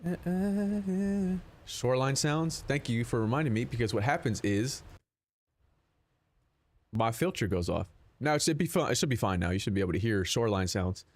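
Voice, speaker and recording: A man's voice: medium pitch, animated, a little fast. A young man streaming live, chatting casually with his viewers in a rambling, profane, joking way. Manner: rambling, profane, jokey, answers chat.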